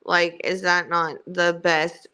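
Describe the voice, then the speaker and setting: A woman's voice: lowish voice, flat delivery, slow pace, bright, forceful tone, clear, resonant tone. A woman with a Southern US country accent, hosting a livestream in chatty, rambling, self-mocking casual talk. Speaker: livestream host. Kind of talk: casual chat.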